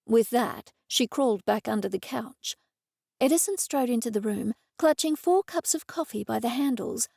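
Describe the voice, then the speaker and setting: Female audiobook narrator, first-person, measured, dry booth sound. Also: fairly high pitch, creaky, a little mellow, no echo.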